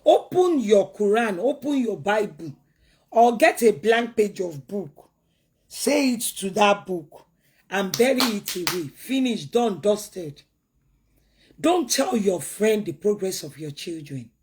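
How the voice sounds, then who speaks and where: A woman's voice: medium pitch, animated, slow, darkish tone, breathy edge. Earnest woman pleading and preaching. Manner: pleading, preachy, repeats words for emphasis. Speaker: commentator giving advice. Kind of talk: earnest talk-show commentary.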